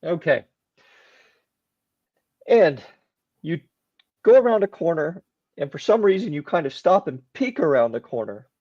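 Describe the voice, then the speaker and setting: A man narrating a tabletop game as game master, calm and dry-humored, on a dull lo-fi recording. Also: fairly high pitch, measured pace, pauses often, no echo.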